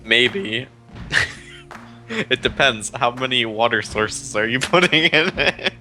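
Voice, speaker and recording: Bright-voiced bantering man. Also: medium pitch, animated, takes it slowly, soft background music. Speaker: player. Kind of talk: casual tabletop play.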